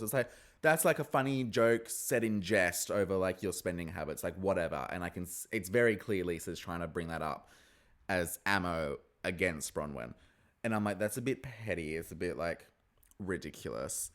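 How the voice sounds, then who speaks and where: A man giving a casual, gossipy recap of a reality TV episode, swearing freely and mimicking the cast in a high voice. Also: a little fast.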